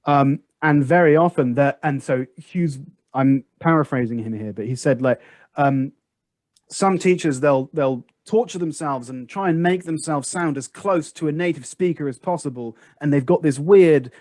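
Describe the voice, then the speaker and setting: A podcast host leads a casual discussion, making his points emphatically and acting out past conversations in lively storytelling. His voice is a little high, his pace moderate, and there's no echo.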